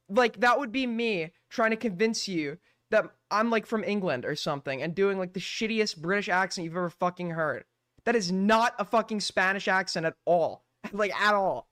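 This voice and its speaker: A man's voice: high-pitched, bright, forceful tone, clean tone, no echo, studio quality. A man ranting through a live stream commentary, exasperated and full of swearing.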